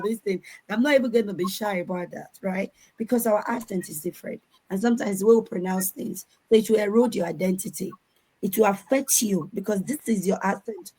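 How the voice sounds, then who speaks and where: A woman answers audience questions on an online panel. She talks in an animated way and acts out the people she quotes. Her voice sits at a middle pitch and comes through a video call. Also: low-quality recording.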